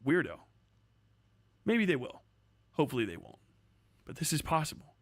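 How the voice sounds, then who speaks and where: A man's voice: medium pitch, sing-song, normal speed, pauses often, no room sound. A man streaming casual commentary, crude and sarcastic, rambling and swearing often.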